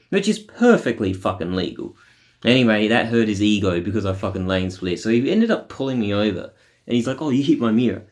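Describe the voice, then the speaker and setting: A man venting in a casual monologue, angry and rambling, swearing often and stopping on fillers. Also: on the low side. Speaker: vlogger.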